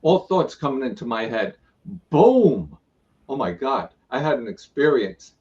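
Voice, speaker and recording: A man's voice: mid-range voice, lively intonation, moderate pace, recorded from a distance, highs cut off. A man, a spiritual teacher and guest, telling his story animatedly and acting out what people said to him. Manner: retells events with repeated "I go" and acted-out quotes.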